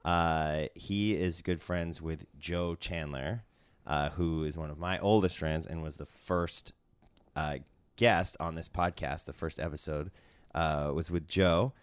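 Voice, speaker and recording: A man hosting an interview podcast, chatting in a relaxed way with plenty of fillers. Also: very deep voice, takes it slowly, smooth, no echo. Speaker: podcast host. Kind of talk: casual interview chat.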